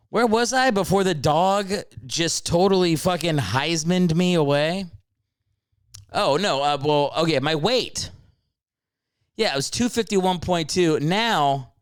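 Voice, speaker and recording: A man in his late thirties hosting a solo podcast from his home couch, talking in a brash, profane, excitable comedic rant, a little out of breath from a walk. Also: fairly high pitch, takes it slowly, pauses often, smooth, no room sound, studio quality. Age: 30s. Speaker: podcast host.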